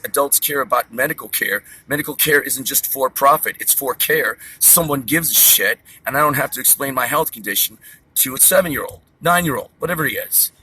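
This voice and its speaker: Man, middle-aged, slightly raspy voice, fed-up vlog rant, cursing, rambling tangents. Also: mid-range voice, sharp tone. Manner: agitated, profane, tangent-jumping rant. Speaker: vlogger. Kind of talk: ranting monologue.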